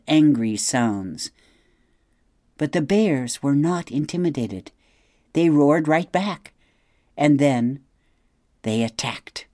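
Middle-aged lady reading a kids novel on the radio, expressive, talks right to you. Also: extremely low pitch, dry recording, clean studio sound. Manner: expressive, addresses the listener. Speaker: radio reader and host.

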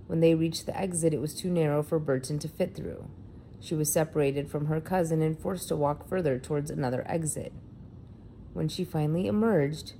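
A woman's voice: deep voice, dark tone, a little hiss or hum. A woman reading a feature article aloud in a plain narrating delivery.

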